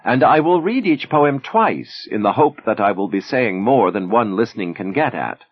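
A man voicing a wry, defiant Soviet woman poet who speaks in a dry, ironic, measured way at a reading. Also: fairly low pitch, animated, breathy edge, pitched above the performer's own voice. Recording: dull lo-fi recording.

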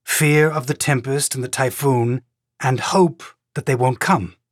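A man voicing a cautious planetary governor who speaks in a careful, measured way. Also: medium pitch, steady tone, dry recording, studio quality, natural voice.

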